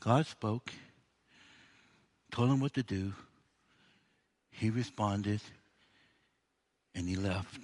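A man's voice: lowish voice, extremely slow, long pauses, darkish tone. A man preaching a sermon in a conversational, humorous way, acting out the dialogue of the story.

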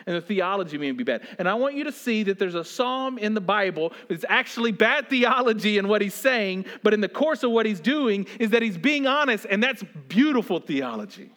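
A man preaching a sermon, swinging between loud pleading and hushed near-whispers. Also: high voice, very animated, brisk, hardly any pauses. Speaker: pastor.

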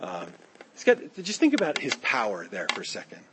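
A male pastor preaching a sermon, an animated storyteller who acts out the voices of the characters. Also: mid-range voice, brisk, background noise.

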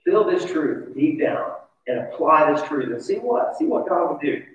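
A man's voice: fairly high pitch, sing-song, normal speed. A pastor giving a sermon in a conversational, confessional way, often asking his listeners questions. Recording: distant, echoey, dull church recording.

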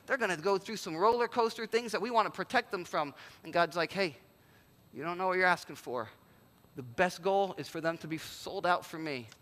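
A man pastor giving a sermon in a conversational, animated way and acting out quotes. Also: high voice, in a large hall.

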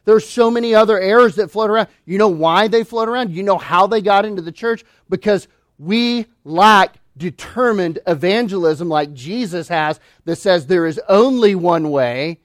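High-voiced emphatic male preacher. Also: dry recording, studio quality. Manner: emphatic, rhetorical questions, swings between loud and hushed. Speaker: pastor. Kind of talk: sermon.

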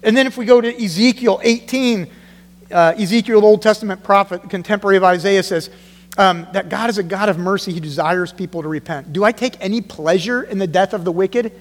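A man preaching a sermon in a church, animated, acting out the voices he quotes. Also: high-pitched, fairly quick, in a large hall. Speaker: pastor.

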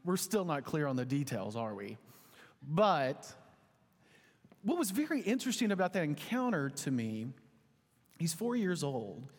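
A man in his thirties, a pastor, telling a story in an animated, conversational sermon. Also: on the high side, unhurried, long pauses. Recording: long hall reverb.

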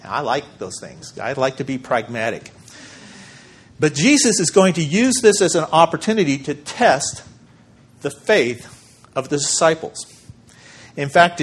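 A man preaching a sermon as pastor, measured and emphatic, with deliberate pauses for weight. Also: medium pitch, animated.

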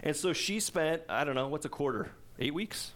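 A man in his forties preaches to his congregation in an easy, conversational way. His voice sits a little high for a man, and he drops into asides and questions to the crowd as he goes. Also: lively intonation, moderate pace, a bit bright. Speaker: pastor. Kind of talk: sermon.

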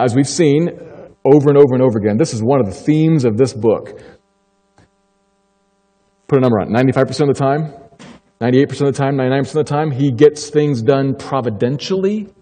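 A man preaching a sermon as pastor, emphatic and slowing down to stress key phrases. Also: medium pitch, dark tone, big-room sound.

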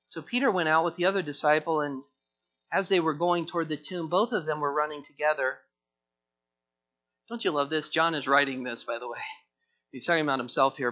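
A man preaching an expository sermon, earnest and repetitive, moving from hushed tones to fervent emphasis. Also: on the high side, fairly quick, lo-fi sound. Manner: earnest, repeats words, swings from hushed to fervent. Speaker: pastor.

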